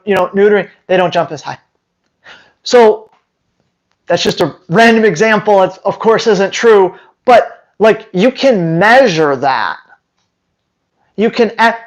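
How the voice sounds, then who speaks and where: A man's voice: sits high, animated, takes it slowly, poor audio. A dog trainer talking to his viewers in a casual, sarcastic rant, with emphatic, rambling delivery. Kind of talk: casual opinion rant to camera.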